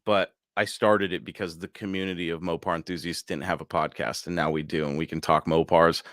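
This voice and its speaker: A man's voice: deep voice, flat delivery, brisk, fairly bright tone, no room sound, studio quality. A man hosting a live podcast, chatting casually and laughing often as he reads out viewer comments. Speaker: podcast host. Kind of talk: casual live-stream chat.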